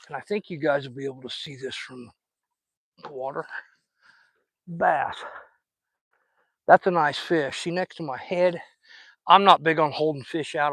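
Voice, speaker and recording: A man's voice: fairly high pitch, fairly bright tone, no room sound. A man, chatting folksy and casual while fishing outdoors on a riverbank and recording on a phone, sweet-talking the fish he catches. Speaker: fishing vlogger.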